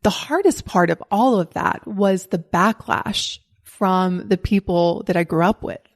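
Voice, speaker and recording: A woman's voice: mid-range voice, unhurried. A woman in her forties hosts her own podcast in a candid, encouraging solo monologue. She speaks with a neutral American accent that carries a faint Southern trace, and she laughs often as she talks. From Southern United States. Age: 40s. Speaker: podcast host.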